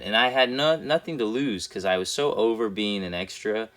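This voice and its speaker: A young man with a slightly low voice recounts a backstage story in a relaxed interview. He talks in a lively, loose way, full of fillers and quick restarts, and acts out the moments as he goes. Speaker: professional wrestler, interview guest.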